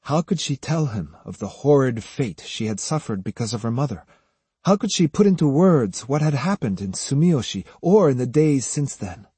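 A man reading a novel aloud as audiobook narrator, in a measured, even way, close to the mic. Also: medium pitch, breathy edge, no echo. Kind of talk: scripted narration.

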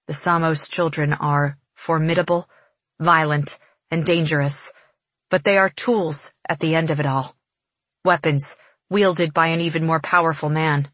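A woman narrating a first-person novel in a measured, expressive reading. Her voice sits on the low side, and the recording is close and dry with no room sound. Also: dry recording. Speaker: audiobook narrator.

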